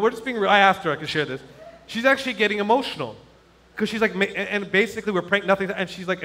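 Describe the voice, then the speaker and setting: A middle-aged man preaches with a high, bright voice that carries through a church hall with long reverb. He tells a candid story, dropping into hushed asides and rising into shouts. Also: expressive, quick pace. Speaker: pastor. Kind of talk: sermon storytelling.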